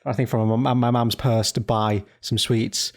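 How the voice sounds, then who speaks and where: A young man co-hosting a casual podcast chat, talking in a halting way with frequent stammers. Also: medium pitch, little pitch movement. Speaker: podcast co-host.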